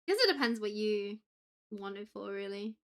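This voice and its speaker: A woman's voice: medium pitch, expressive, moderate pace, a bit bright. A woman livestreamer chatting casually with viewers in a playful, giggly way. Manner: playful, giggly, drifts into Japanese phrases.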